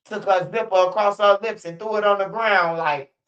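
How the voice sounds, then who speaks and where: A man with a high voice talks on a live stream, full of profanity and animated storytelling. The audio is dull and lo-fi. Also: moderate pace. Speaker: streamer commenting on street news. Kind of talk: casual live-stream commentary.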